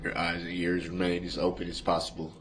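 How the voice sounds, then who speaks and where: A man addressing a jury slowly and solemnly in a courtroom. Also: sits low, monotone, fairly bright tone. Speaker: defendant. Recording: distant courtroom audio, faint noise.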